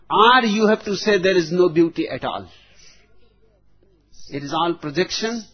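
A man delivers a spiritual discourse in an unhurried, measured way, setting out each phrase on its own with long pauses between. His voice sits a little high and has a husky grain. The recording is dull and lo-fi. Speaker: spiritual teacher.

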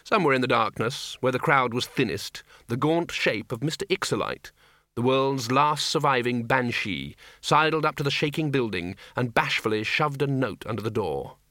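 An audiobook narrator reads a comic fantasy novel aloud, his scripted narration wry and expressive. His mid-range voice moves at a normal speed in a studio-quality recording with no room sound.

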